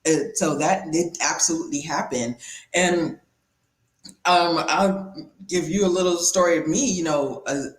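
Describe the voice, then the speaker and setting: A woman raised in California hosting a casual panel discussion over a video call, speaking reflectively with many pauses. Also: low voice. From born in the US South, raised in California. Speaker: panel host. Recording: roomy echoey sound.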